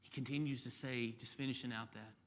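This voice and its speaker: A man from Alabama with a Southern accent, preaching a sermon as campus pastor, talking fast and joking. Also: medium pitch, big-room sound. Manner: fast, animated, quick to joke. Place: church hall.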